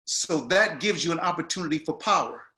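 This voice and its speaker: Guy coaching an actor, stumbles over words a lot, highish voice, lots of echo. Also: lively intonation, bright, forceful tone. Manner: halting, repeats words, quotes lines aloud. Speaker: acting teacher. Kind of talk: coaching notes in a class. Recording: roomy echo.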